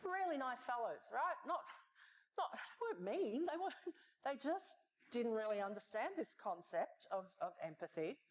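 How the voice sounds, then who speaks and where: A woman's voice: fairly high pitch, moderate pace. A woman speaker giving a conversational keynote talk at a conference, tossing in rhetorical questions. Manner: animated, conversational, frequent rhetorical "right?". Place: conference stage.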